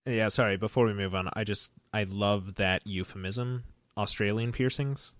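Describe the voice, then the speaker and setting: A man co-hosting a podcast, reading out audience questions in a dry, low-key way. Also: fairly even intonation, normal speed, a bit bright, no room sound. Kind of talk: casual podcast chat.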